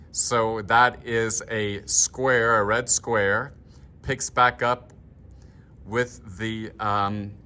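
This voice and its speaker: A man's voice: on the low side, pushed and bright. A man leading a choir through a score. He explains markings patiently and step by step. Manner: patient, instructional, sings phrases to demonstrate. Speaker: choir director.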